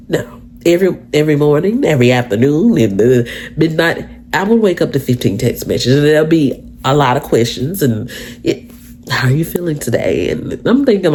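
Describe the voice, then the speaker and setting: A young woman vlogger telling a personal story in a chatty, animated way, talking straight to her viewers. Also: low-pitched, a little hiss or hum. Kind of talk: storytime vlog.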